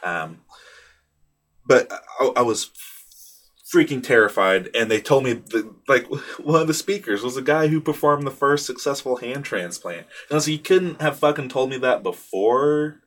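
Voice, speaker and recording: Speaking at a moderate pace in an animated, fairly bright mid-range voice, a young man hosts a casual solo podcast from a small booth with a studio mic. His talk rambles, full of fillers, restarts and swearing, and he laughs at himself.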